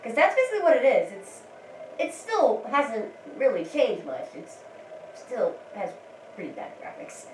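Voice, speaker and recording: A woman's voice: a little high, wildly swooping pitch, unhurried. A woman giving rambling, giggly commentary while playing a video game. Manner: rambling and giggly, with many restarts. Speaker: gameplay commentator. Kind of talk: casual let's-play commentary. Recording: roomy, distant mic, faint background noise.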